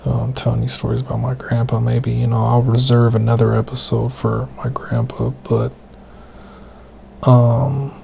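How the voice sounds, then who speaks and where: A man hosting a podcast, telling casual rambling stories in a loose, profane way, keeping his voice soft. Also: mid-range voice, monotone, moderate pace, creaky, slight background noise. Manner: speaking softly, half-whispered. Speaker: podcast host. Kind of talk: casual storytelling monologue.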